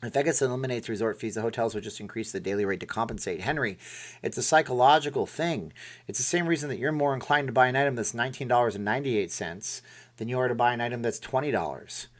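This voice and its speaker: A man's voice: mid-range voice, fast talker. A middle-aged man from Canada hosting a casual live stream, reading and answering chat in a rambling way and often correcting himself.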